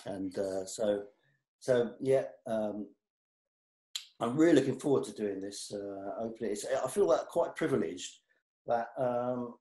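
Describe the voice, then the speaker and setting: A man's voice: mid-range voice, unhurried, dark tone. A man chatting casually and rambling self-deprecatingly as he unboxes his own box set. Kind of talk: casual chat. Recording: roomy echo.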